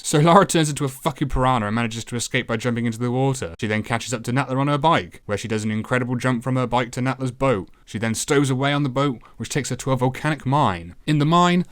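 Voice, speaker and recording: Sweary man roasting an old game. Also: mid-range voice. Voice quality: sardonic, crude and deadpan. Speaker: video game reviewer. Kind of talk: sweary comedic game review narration.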